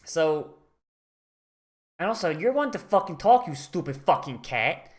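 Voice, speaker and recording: Sweary streamer rambling through an anime watch-along, like like um, mid pitch, gets excited. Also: measured pace. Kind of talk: casual watch-along commentary.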